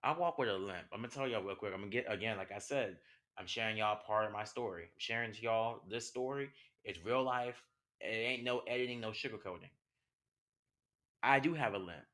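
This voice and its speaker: With a lowish, fairly bright voice and a fairly quick pace, a young male podcast host delivers a personal monologue. He sounds passionate and conversational, asking one rhetorical question after another.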